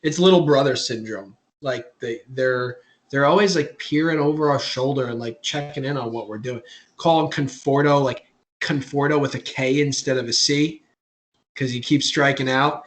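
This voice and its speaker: A young man co-hosting a sports podcast, rambling loosely through schedules and plays. His voice sits at an ordinary, mid pitch. When something annoys him he climbs higher and louder into an exasperated rant. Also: normal speed. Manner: rambling, gets heated and high when ranting. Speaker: podcast co-host. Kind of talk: casual sports chat.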